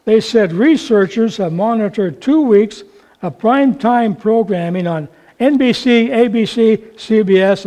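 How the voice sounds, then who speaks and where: A man preaching a sermon, with slow, emphatic, drawn-out phrasing. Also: high voice, a little mellow.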